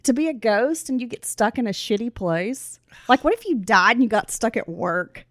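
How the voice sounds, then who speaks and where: A woman's voice: fairly high pitch, animated, moderate pace, fairly bright tone, no echo, clean studio sound. A woman co-hosting a podcast, reading listener stories aloud and chatting in a teasing, laughing way. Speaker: podcast co-host.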